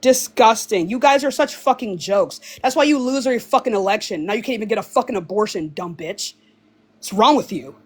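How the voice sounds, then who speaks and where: Young woman streamer with a high, animated voice, spitting profane insults in a live rant. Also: fast, hardly any pauses. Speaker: livestreamer.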